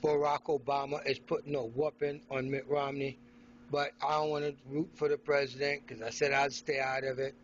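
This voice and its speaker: A man's voice: medium pitch, flat delivery, moderate pace, muffled recording, a little hiss or hum. A middle-aged man from Haiti, ranting sarcastically and combatively into his phone in an indoor room. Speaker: vlogger. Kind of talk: ranting selfie monologue.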